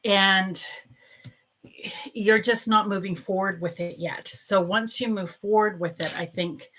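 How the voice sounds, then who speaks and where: Bright-voiced woman hosting a psychic live stream. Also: mid-range voice, fairly even intonation, unhurried, slight background noise, low-quality recording. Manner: chatty, greets viewers by name while reading. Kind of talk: live-stream angel card reading.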